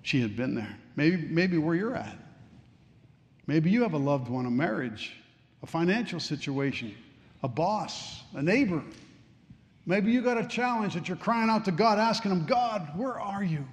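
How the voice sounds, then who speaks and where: A man preaching a sermon, telling a story dramatically and swinging between hushed and fervent delivery. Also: on the high side, expressive, normal speed. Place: church sanctuary. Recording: long reverb of a large church.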